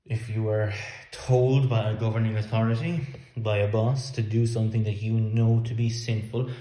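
A man's voice: on the low side, warm tone. A man preaching a sermon in an earnest, emphatic way, sometimes repeating words as he works through a point. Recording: echoey room.

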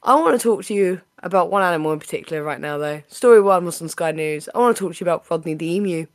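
A woman hosting a casual podcast, chatty and playful, her voice a little raspy today. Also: fairly low pitch, animated, fast talker, no echo, studio quality. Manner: chatty, playful, laughs often. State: slightly raspy voice. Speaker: podcast host.

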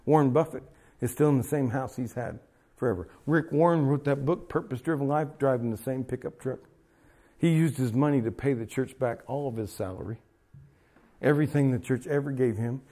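A middle-aged man preaching a sermon to a small group, moving between quiet asides and loud, emphatic passages. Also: mid-range voice, fairly quick. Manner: animated, swings from soft asides to loud emphatic peaks. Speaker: pastor. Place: small gathering room.

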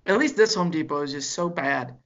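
A man's voice: on the high side, highs cut off. A man co-hosting a casual comedy podcast, telling profane stories and acting out the people in them. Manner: animated storyteller, acts out people in quick voices, profane.

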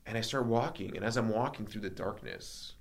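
A man with a low-pitched voice recounts a personal story in a relaxed podcast chat. He talks animatedly, acting out what others said, with plenty of ums and likes. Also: brisk, gravelly. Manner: animated, reenacts dialogue, many fillers. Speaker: podcast host telling his story.

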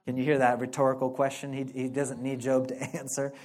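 A male pastor giving a casual, conversational sermon, playful and animated, laughing often and dropping slangy asides. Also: medium pitch, a little fast.

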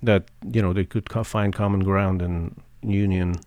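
Man, podcast co-host, casual chat, halting and filler-heavy, lowish voice, dry close sound. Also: steady tone, a little mellow, dry recording. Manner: hesitant, halting, full of fillers.

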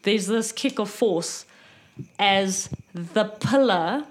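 Female game master, mid-pitched voice, measured scene-setting delivery. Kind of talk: narrating a tabletop game.

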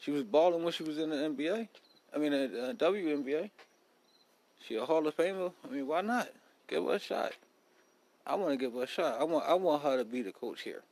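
A man's voice: fairly high pitch, lively intonation, a little fast, darkish tone, low-quality recording. A man hosting a casual solo podcast, talking bluntly in a profane, rambling street style. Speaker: podcast host.

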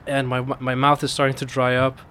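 Guy telling a story to friends, laughing and getting worked up, bit of noise behind. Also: fairly quick. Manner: laughs through the punchline, voice climbs high with excitement. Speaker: storyteller in a casual podcast chat. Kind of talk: casual chat, animated storytelling.

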